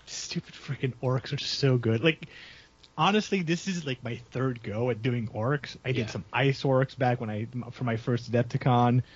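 A man's voice: medium pitch, normal speed, slight background noise. A man chatting casually and enthusiastically about his hobby, rambling and poking fun at himself. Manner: enthusiastic, self-deprecating, rambling. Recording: dull lo-fi recording.

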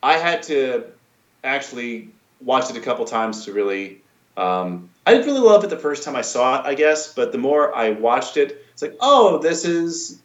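A man's voice: mid-range voice, sing-song, normal speed. Brief: male podcast co-host, rambling, echoey room, slightly lo-fi. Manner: rambling, thinking aloud with fillers. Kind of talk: casual podcast chat. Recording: roomy, dull home mic.

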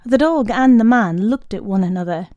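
A woman narrating a short story aloud in a calm, measured way. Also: mid-range voice, dry recording, dull audio. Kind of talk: audiobook reading of a short story.

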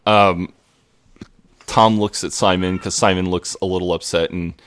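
A man's voice: low-pitched, steady tone, normal speed. A man co-hosting a podcast, recapping an episode in casual chat, rambling with lots of fillers. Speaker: podcast co-host.

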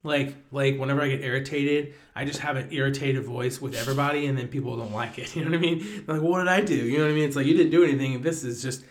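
A man's voice: medium pitch, steady tone, fast talker, few pauses. A young man co-hosting a casual Bible study chat, easygoing, with short reactions and many fillers. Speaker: podcast co-host.

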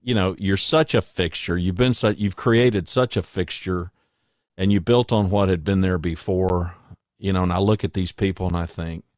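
Deep-voiced male co-host. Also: steady tone, moderate pace, a little mellow, dry recording, clean studio sound. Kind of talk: casual live-stream chat.

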